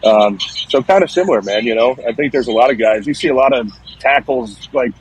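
A man's voice: mid-range voice, fairly quick, slight background noise, low-quality recording. A man in his thirties, a former pro football lineman, telling stories in a casual, profane, rambling podcast chat. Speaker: former NFL offensive lineman guest.

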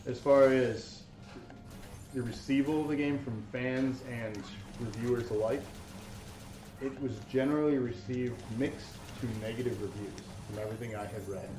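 A man hosting a casual gaming talk, explaining things in a relaxed way with lots of fillers. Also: mid-range voice, moderate pace, background noise. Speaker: podcast co-host reviewing a game. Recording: roomy room sound, mic at a distance.

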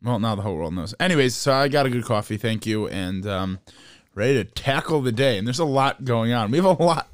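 A man co-hosting a casual chat podcast, an animated storyteller who restarts often and bickers playfully with his co-host. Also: medium pitch, a little fast, clean tone, dry recording.

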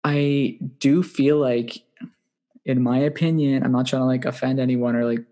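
A man's voice: mid-range voice, little pitch movement, normal speed, mellow. A young man co-hosting a casual music podcast, chatty and laughing often, with some swearing. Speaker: podcast co-host. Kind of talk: casual chat.

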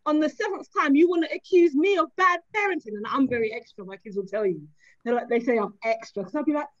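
A woman speaks in a high, swooping voice, acting out little scenes from home as she chats. Her pitch leaps and dips with every story. The audio is dry and a bit dull. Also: fast talker. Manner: animated, acts out her kids and herself. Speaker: guest, author and mother. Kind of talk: casual panel chat.

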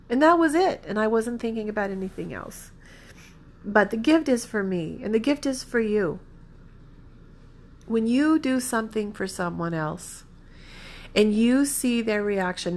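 A woman's voice: mid-range voice, gravelly. A woman in her fifties telling a personal story in an earnest, emotional, rambling way, often correcting herself mid-sentence. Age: 50s. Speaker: vlogger.

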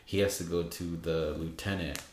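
A man's voice: low-pitched, fairly even intonation, moderate pace, vocal fry, reverberant, over a noisy crowd. A man in casual chat, rambling as he retells film scenes. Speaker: co-host discussing a film.

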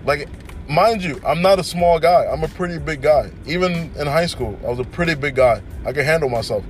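A young man talks through his own solo podcast. His voice sits a little high for a man, and his storytelling is animated and conversational. Faint music plays underneath. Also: a little fast. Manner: animated storytelling, frequent "you know what I'm saying". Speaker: podcast host. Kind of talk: casual solo podcast monologue.

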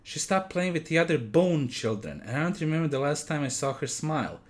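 A fretful skeleton mother, anxious and pleading, as a man puts her on. Her voice sits higher than an everyday speaking voice and keeps a worried edge in a silly spoken horror-comedy tale. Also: very animated, a little fast.

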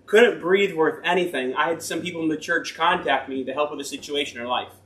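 A man preaches informally in a church hall with roomy echo, his voice notably high and a bit bright as he moves a little fast. After reading scripture he wanders into personal stories, folksy, earnest and rambling, stopping often to correct himself.

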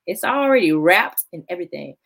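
Low-voiced woman hosting an encouraging interview. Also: a little fast, vocal fry. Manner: warm, encouraging, reads viewer comments aloud; laughs often, jumps high when excited. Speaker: host. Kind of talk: live-streamed interview.

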